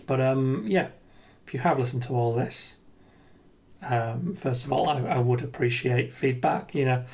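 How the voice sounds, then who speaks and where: A man's voice: medium pitch, unhurried, vocal fry, darkish tone. A man talking through an unscripted, reflective video monologue, hesitant and earnest, with lots of ums and restarts. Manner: earnest and self-deprecating. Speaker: gaming video creator.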